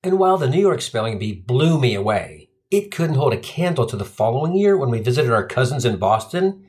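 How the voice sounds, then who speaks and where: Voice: medium pitch, sing-song, brisk, a little mellow. A comedian telling a profane, sardonic stand-up story. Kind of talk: stand-up routine.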